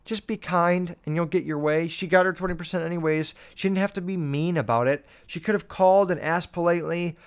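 A young man hosting a podcast, telling a profane, animated story about a rude customer and acting out both sides of the dialogue. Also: a little high, brisk, few pauses, clean tone. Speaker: podcast host. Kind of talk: casual storytelling rant.

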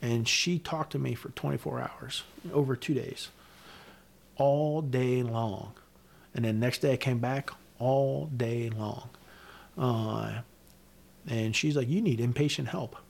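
A middle-aged man speaks in an interview with a blunt, profane candor. His voice sits at an ordinary middle pitch. He tells his story in an animated way and acts out the lines of the people in it. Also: takes it slowly, creaky. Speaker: guest, retired command sergeant major.

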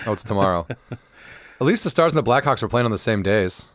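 A man co-hosting a casual podcast, rambling excitedly about sports and now and then bursting into loud impressions. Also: lowish voice, quick pace, no echo. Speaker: podcast co-host. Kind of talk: casual chat.

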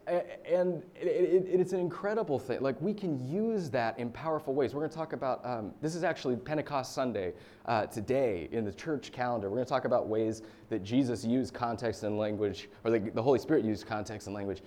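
A man's voice: mid-range voice, fairly quick, warm tone. A man in his thirties from the United States giving a casual, story-filled sermon as a pastor, with chatty fillers.

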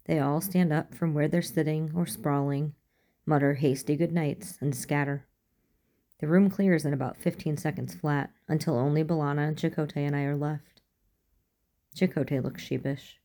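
A woman reads a first-person fan fiction story in a calm, even way. Her voice is low and gravelly, with a dark, mellow tone. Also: normal speed. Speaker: audiobook reader.

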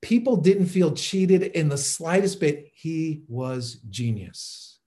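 A man preaching a sermon, telling a story with animated delivery and frequent fillers. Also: a little high, slow pace. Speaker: pastor.

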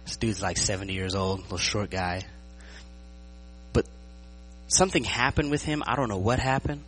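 A man's voice: on the low side, a little fast, pauses often, soft background music, low-quality recording. A man preaching a sermon as pastor, joking and often checking that his listeners are following him. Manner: lively, joking, checks in with the audience.

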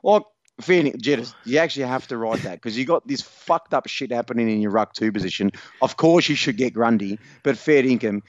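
A man's voice: mid-range voice, brisk, hardly any pauses, no echo, dull audio. An Australian man co-hosting a podcast, ranting profanely and mocking a listener in crude sports banter. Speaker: podcast co-host. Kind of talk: crude fantasy football banter.

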